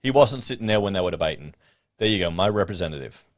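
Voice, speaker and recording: A man's voice: low-pitched, animated, fast talker, no room sound. An Australian man hosting a casual livestream, chatting and rambling to his viewers. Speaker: livestream host. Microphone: podcast studio mic. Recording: dry close-miked sound.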